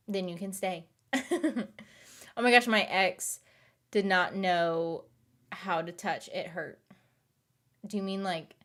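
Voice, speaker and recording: A woman's voice: mid-range voice, a bit bright. A woman in her thirties chatting casually with her stream viewers late at night, giggly and rambling, laughing often and trailing off, tired. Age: 30s.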